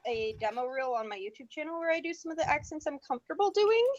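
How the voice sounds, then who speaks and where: A woman's voice: high voice, very animated, quick pace, muffled recording. A woman voice actor talking modestly and with hedges about her skills. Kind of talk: casual chat on a call.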